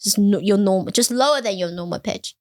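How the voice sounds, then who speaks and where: A woman's voice: medium pitch, fairly quick, a little mellow. A woman from Taiwan with a Taiwanese Mandarin accent, co-hosting a casual bilingual podcast, patiently explaining, mixing Mandarin and English and laughing often. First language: Mandarin Chinese. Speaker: podcast co-host and Mandarin teacher.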